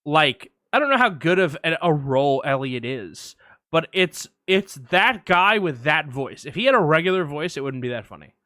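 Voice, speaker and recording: A man co-hosting a film podcast, chatting with quick asides and restarts. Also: a little high, very animated, pushed and bright, no echo, clean studio sound. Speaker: podcast co-host. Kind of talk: casual film discussion.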